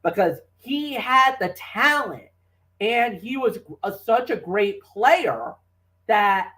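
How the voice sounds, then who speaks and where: A mid-pitched sports talk co-host chatting in a loose, rambling way. The speech is full of fillers and restarts as the host tells stories and talks about players, and the voice grows louder when excited. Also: slow, low-quality recording. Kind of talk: casual sports talk and storytelling.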